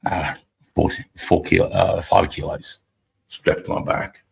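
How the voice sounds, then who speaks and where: An army veteran from Australia, in his forties and co-hosting a stream, tells rambling, profane war stories with bluntness and constant cursing. His low, creaky voice shows little pitch movement and an unhurried pace, with a little hiss or hum in the audio.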